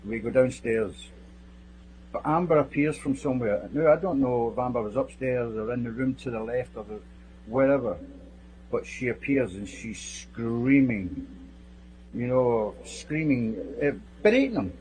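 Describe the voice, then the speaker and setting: A man's voice: mid-range voice, a little mellow, a little hiss or hum, rough recording. Blunt man giving testimony. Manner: blunt, plain-spoken and vivid. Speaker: security team member testifying as witness. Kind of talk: recounting events in sworn testimony.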